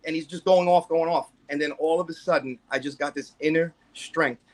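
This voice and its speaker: A man's voice: on the high side, fairly even intonation, brisk. A man guest telling a personal story in a rambling way, full of fillers and restarts.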